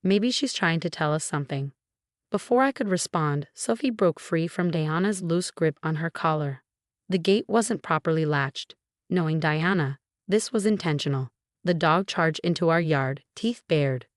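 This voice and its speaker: A woman narrating a first-person scripted story in a steady, measured way. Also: deep voice, dry recording, clean studio sound.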